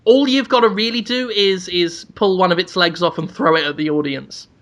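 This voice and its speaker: Bright, high-voiced man riffing on a podcast. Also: moderate pace. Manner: rambling, spins absurd scenarios with crude jokes. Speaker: podcast co-host. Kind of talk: comedic podcast banter.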